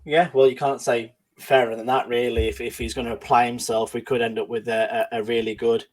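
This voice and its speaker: A man's voice: mid-range voice, flat delivery, fairly quick. A man hosting a casual football chat podcast, talking with many fillers and restarts and putting questions to his co-hosts. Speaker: podcast host.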